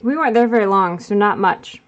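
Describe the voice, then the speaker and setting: A woman's voice: medium pitch, animated, fairly quick. Woman rambling casually while drawing, keeps correcting herself, kinda muffled lo-fi audio. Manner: rambling, self-correcting, chatty. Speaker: art vlogger.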